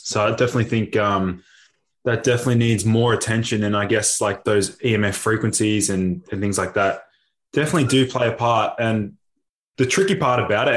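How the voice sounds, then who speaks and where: Male podcast host with a low voice who asks questions in a casual, halting way. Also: a bit bright. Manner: hesitant, many filler words. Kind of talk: casual interview talk.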